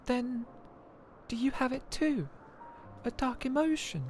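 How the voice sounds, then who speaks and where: A woman voicing a gentle, earnest young female being in a video game, speaking softly and pleadingly. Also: sits high, slow pace. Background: faint game music.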